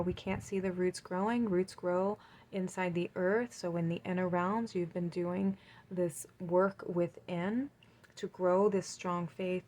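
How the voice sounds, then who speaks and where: A woman giving an encouraging tarot card reading, gushing with warmth and reading card affirmations aloud. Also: fairly low pitch, slight background noise, poor audio.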